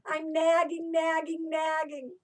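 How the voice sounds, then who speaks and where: A woman's voice: very high voice, completely flat delivery, takes it slowly, far from the mic, voice pushed up. A woman voicing a complaining female dragon in a storybook reading, with a whiny, moaning delivery.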